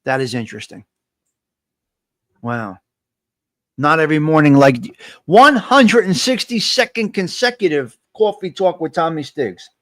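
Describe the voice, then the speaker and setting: Man, livestream host, higher-pitched voice, dry close mic, motivational, repeats himself, reads chat comments. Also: very animated, a little slow, long pauses, fairly bright tone, no room sound. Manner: motivational, repetitive, addresses viewers directly. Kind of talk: casual live morning chat, reading chat comments.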